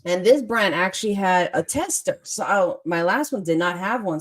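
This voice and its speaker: A young adult woman hosting a casual chat, telling a story in a lively way, laughing often and acting out what people said. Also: lowish voice, normal speed. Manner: animated, laughs often, acts out quotes. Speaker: podcast host.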